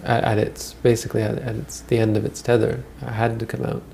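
A man's voice: medium pitch, level tone, a little fast, creaky, darkish tone, a little hiss or hum. A man giving a Buddhist dharma talk, retelling old stories in a rambling, conversational way with frequent restarts. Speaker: Buddhist teacher.

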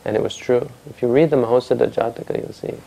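A man's voice: medium pitch, fairly even intonation, fast talker, vocal fry, mellow, rough recording. A man telling a traditional story to a family audience in a conversational way, asking his listeners questions and often restarting his sentences.

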